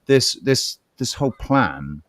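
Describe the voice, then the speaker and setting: A man's voice: mid-range voice, big pitch swings, slow, no echo. A man co-hosting a podcast in casual chat, rambling, repeating words and swearing freely. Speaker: podcast co-host.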